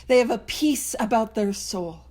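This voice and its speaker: Earnest high-voiced woman explaining recovery steps. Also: lively intonation, a little slow, warm tone. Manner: earnest, laughs often, acts out inner voices. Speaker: podcast host leading a Big Book study. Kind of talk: casual recovery study talk, reading and explaining.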